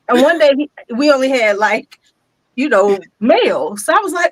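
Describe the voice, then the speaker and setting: An older woman, hosting a casual chat and telling lively stories, laughing often and acting out quotes. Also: high-pitched, normal speed, no room sound. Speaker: host.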